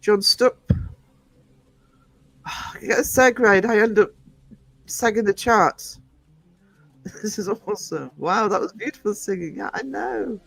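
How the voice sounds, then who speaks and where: This streamer speaks in a high, slow, gravelly voice that is a bit bright and husky, with long pauses, on a dry recording. Casually chatting live, he's affectionate and scattered, calling viewers sweetie and darling, with lots of ums and trailing off as he reads chat.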